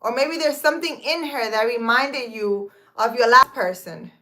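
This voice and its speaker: A woman's voice: fairly high pitch, moderate pace, pushed and bright. A woman in her thirties talking earnestly and emphatically to her live-stream viewers about relationships and faith, outdoors in a park. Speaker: live-stream host and spiritual advisor. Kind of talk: casual spiritual advice talk on a live stream.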